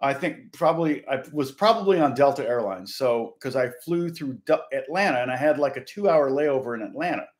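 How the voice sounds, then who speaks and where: A man's voice: mid-range voice, lively intonation, fairly quick, hardly any pauses. A man, a guitar teacher, telling a casual story and stopping often to correct himself. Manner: rambling, stops to correct himself.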